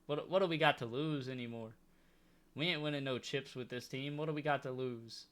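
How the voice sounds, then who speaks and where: A man's voice: medium pitch, brisk, fairly bright tone. A young man commenting on his own football video game, complaining and begging in a comically exasperated way. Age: young adult. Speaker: gaming YouTuber.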